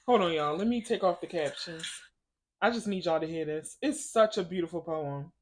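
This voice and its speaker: Animated, emotional woman vlogger. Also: lowish voice, moderate pace. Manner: chatty storytelling, lots of "like". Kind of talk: casual faith-based chat.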